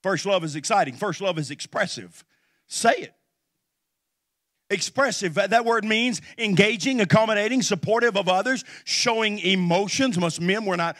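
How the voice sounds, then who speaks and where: A middle-aged man preaching a sermon as pastor, telling stories and then building to loud call-and-response exhortation. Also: high voice, normal speed, no echo, studio quality.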